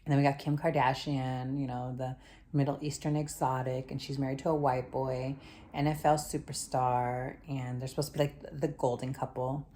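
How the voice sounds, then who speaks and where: A woman's voice: a bass voice, level tone, normal speed, dark tone, slight background noise. A young woman casually recapping a TV episode, rambling and slangy with lots of fillers like "um" and "like.". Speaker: TV show recap vlogger. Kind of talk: casual spoken show recap.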